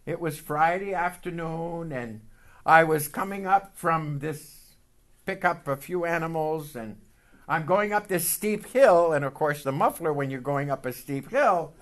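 A man's voice: a little high, unhurried, fairly bright tone. A man preaching, telling a story from his life in a sermon and acting out the dialogue.

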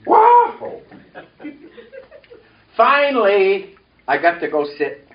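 A man's voice: high-pitched, lively intonation, a little slow. A man preaching a sermon, telling a personal story and leading the congregation in call-and-response. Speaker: pastor. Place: church sanctuary. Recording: echoey, distant, dull church recording.

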